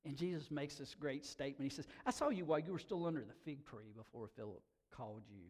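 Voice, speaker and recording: A man preaching a sermon in a folksy, casual way, talking slowly and dropping asides like "man" and "you know.". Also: fairly high pitch, animated, darkish tone. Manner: slow-talking, by his own account. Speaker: pastor.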